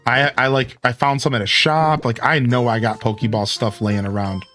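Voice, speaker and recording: Casually commentating a game stream, this man greets chat, hums along, and keeps saying "dude." His mid-range voice is a bit bright with fairly even intonation and normal speed, and faint music sits behind him.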